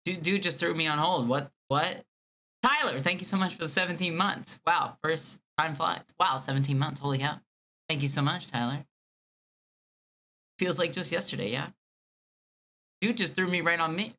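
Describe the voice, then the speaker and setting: A man chatting casually to his live stream audience, excitable and joking. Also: on the high side, normal speed, long pauses, slight background noise. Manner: excitable, joking asides to chat.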